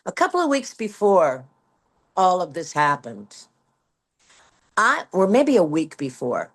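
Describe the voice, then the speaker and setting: A woman in her seventies recounts her years as a stage performer in an interview, with a voice that sits a little low for a woman. She tells the story in a lively way, leaping up in pitch to act out what each person said. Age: 70s. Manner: lively, acts out quoted dialogue with big pitch swings. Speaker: guest, former Broadway performer. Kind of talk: anecdotal storytelling.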